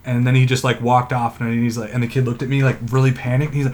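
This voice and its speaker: A man's voice: medium pitch, level tone, quick pace, a little hiss or hum. Profane, laughing man telling a story. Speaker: podcast co-host. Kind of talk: casual storytelling chat.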